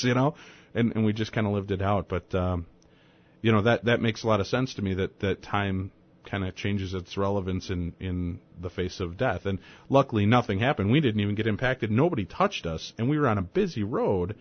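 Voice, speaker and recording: A man in his forties hosting a radio talk show, chatting and telling a story in a lively, conversational way. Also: on the low side, fairly quick. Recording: dull lo-fi radio sound.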